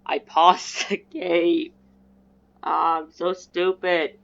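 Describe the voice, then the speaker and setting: Brief: woman gamer, low voice, rambling giggly play-by-play, muffled lo-fi mic. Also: steady tone, drawn-out words, gravelly. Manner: rambling, giggly, self-mocking. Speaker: gaming video creator. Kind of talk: casual gameplay commentary. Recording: dull lo-fi mic.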